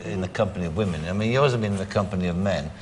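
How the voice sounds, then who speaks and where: A man's voice: deep voice, racing. A man with a Yorkshire accent hosting a TV chat show, asking probing, teasing questions and often repeating himself. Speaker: talk show host. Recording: very noisy old TV broadcast.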